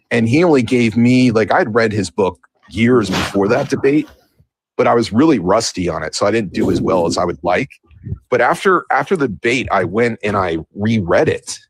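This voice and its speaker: Deep husky male debater, assertive and lecturing, sets others straight. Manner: assertive, lecturing, quick to correct. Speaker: debate panelist. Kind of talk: casual philosophical debate.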